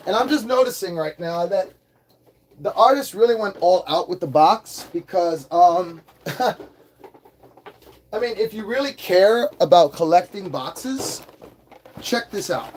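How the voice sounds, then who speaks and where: A man hosting a casual livestream toy review, hyper and excitable, swearing freely as he talks. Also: sits high, unhurried, long pauses, slight background noise.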